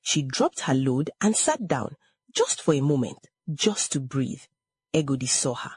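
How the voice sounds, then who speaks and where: A woman narrating a scripted story with expressive, dramatic pauses. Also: deep voice, husky, no room sound, studio quality.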